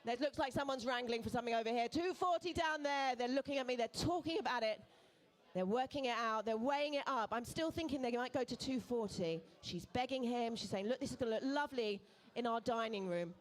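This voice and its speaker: High-voiced woman calling auction bids. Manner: brisk, coaxing, playful banter with bidders. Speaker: charity auctioneer. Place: pub event room.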